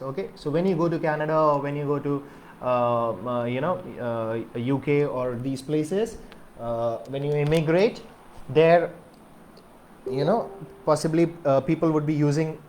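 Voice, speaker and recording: A man's voice: a little high, darkish tone, a little hiss or hum. Man teaching grammar, lots of okays. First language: Malayalam. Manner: explains with repeated okays and rhetorical questions. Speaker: English teacher. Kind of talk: grammar lesson to camera.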